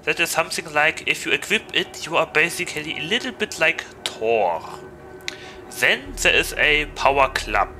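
A man's voice: fairly high pitch, sing-song, normal speed, music in the background, low-quality recording. A man with a German accent chatting loosely and jokingly to viewers as a game streamer. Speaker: VTuber streamer. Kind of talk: gaming livestream chat.

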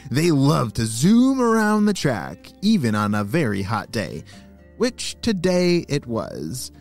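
A man's voice: medium pitch, huge pitch swings, takes it slowly, vocal fry, darkish tone, faint music behind. A man hosting a children's story podcast, narrating in an enthusiastic, playful way.

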